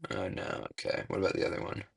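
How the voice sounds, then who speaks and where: A young man rambling through casual online commentary, swearing freely and filling pauses with "like" and "um.". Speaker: commentary YouTuber.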